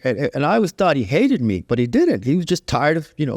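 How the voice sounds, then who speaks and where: A man's voice: fairly high pitch, very animated, fairly quick, few pauses, dry recording, studio quality. A middle-aged man, a guest telling his life story in a candid, conversational way, full of "you know" fillers.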